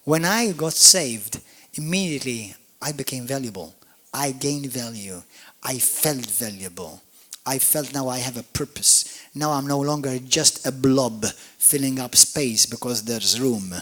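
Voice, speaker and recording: A man with a Maltese accent, preaching a lively, joking sermon as pastor at a church service, calling on the congregation to answer back. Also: medium pitch, unhurried. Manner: animated, jokey, call-and-response preaching.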